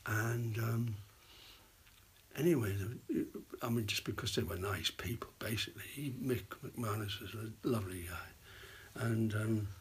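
An older man, an actor, telling rambling anecdotes in an interview and dropping into hushed asides. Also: on the low side, a little slow, breathy edge. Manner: rambling storyteller, drops to hushed whispers for asides. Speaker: actor guest.

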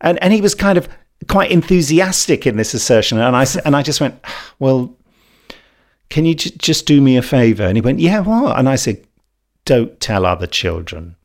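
A man's voice: mid-range voice, lively intonation, moderate pace. A middle-aged man with a wry, self-deprecating way of telling stories in casual chat.

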